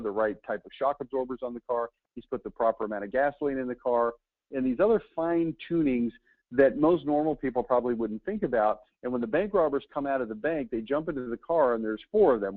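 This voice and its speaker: A man's voice: medium pitch, no room sound. Man teaching a marketing webinar over phone-like audio. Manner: storytelling, with fillers and restarts. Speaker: marketing trainer. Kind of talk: webinar lesson.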